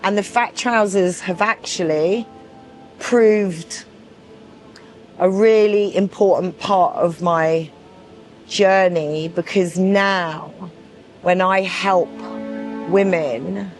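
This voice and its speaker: A woman's voice: on the low side, steady tone, drawn-out words, pauses often, soft background music. A woman in her forties giving candid personal testimony in a documentary, frank and emphatic, repeating herself for weight and swearing freely. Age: 40s. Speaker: documentary subject.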